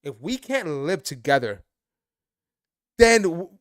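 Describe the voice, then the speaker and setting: A man's voice: fairly high pitch, sing-song, takes it slowly, no room sound, clean studio sound. A man from Brooklyn, co-hosting a live stream, emphatic and repeating himself. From Brooklyn, New York. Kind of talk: casual political chat.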